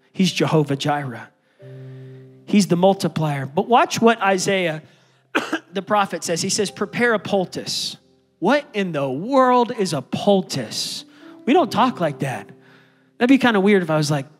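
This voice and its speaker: A man preaching a sermon as pastor, building to loud, passionate calls and asking the congregation to respond. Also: high voice, long reverb tail.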